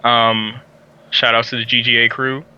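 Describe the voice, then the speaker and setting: A man joins a gaming podcast as a guest. His voice is very bright and sharp, but it comes through dull, lo-fi call audio. He chats easily and throws in chuckling asides. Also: medium pitch, level tone, normal speed, clean tone. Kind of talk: casual podcast chat.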